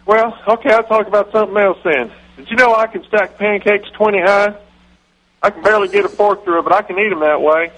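A man's voice: high-pitched, steady tone, a bit bright, highs cut off. A man doing a dopey, rambling football coach. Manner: slow, dopey, rambling drawl. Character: dim, rambling middle-aged male football coach. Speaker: impression on a radio comedy bit.

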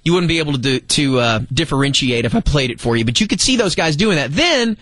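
A man hosting a sports radio show, telling a story in casual, animated banter from the studio. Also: on the high side, fast, no echo. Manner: animated storyteller, mimics fans' shouts. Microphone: studio microphone.

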